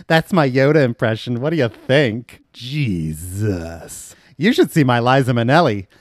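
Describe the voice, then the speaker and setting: A man's voice: medium pitch, measured pace, no room sound, clean studio sound. A man voicing a campy, theatrical convict who pleads showily for mercy. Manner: showy, animated pleading. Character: campy, theatrical male convict, flamboyant and kind.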